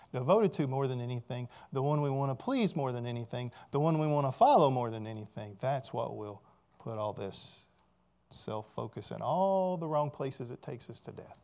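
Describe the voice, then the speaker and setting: A man's voice: medium pitch, animated, moderate pace, warm tone. A man preaching a sermon as a pastor, often asking his listeners rhetorical questions.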